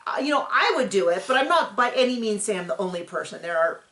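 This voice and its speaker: A woman hosts a casual recap, talking loosely with plenty of ums and likes. Her tone runs sarcastic and chatty, at an ordinary middle pitch. The room around her rings with echo. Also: expressive, quick pace, sharp tone. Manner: chatty, sarcastic, full of fillers. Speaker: recap show host.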